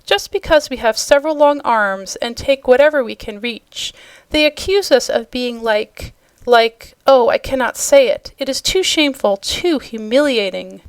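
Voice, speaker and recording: A woman reading a storybook, voicing a fussy, easily offended male octopus in a higher, airy voice. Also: lively intonation, unhurried, no room sound. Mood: aggrieved. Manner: airy, fussy, then mournful and sobbing. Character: pompous, touchy male octopus gentleman.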